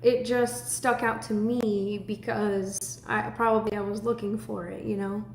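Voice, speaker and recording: Slow-talking young woman, echoey room. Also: medium pitch, creaky, a little hiss or hum. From Texas. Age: 20s. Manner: chatty, laughs often, breaks into excited shouts. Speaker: livestream host. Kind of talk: casual livestream chat.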